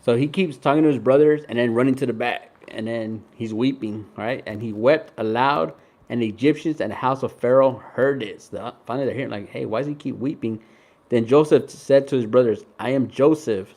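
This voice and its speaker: A man's voice: mid-range voice, brisk, a little mellow. A young man reading scripture aloud and explaining each passage in a casual, conversational way, with lots of "like" and "right?". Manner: reads scripture aloud, then paraphrases it in casual slang. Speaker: Bible teacher. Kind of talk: casual Bible study commentary.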